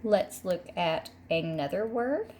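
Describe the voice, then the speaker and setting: A woman teaching a third grade phonics lesson. She speaks patiently and says each word twice, clearly, so children can repeat it. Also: on the low side, animated, slow pace, darkish tone, slight background noise. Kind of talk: recorded classroom phonics lesson.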